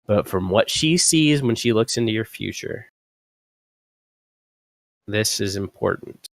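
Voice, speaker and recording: A young man narrating as dungeon master, halting and full of fillers and restarts. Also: on the low side, lively intonation, vocal fry, dry recording. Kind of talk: narrating a tabletop game.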